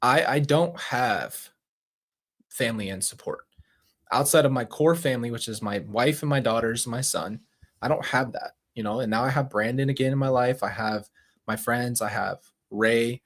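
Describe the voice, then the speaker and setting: A man's voice: mid-range voice, moderate pace. A man hosting a livestream, speaking to his viewers in casual, heartfelt chat and often repeating himself. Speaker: livestream host.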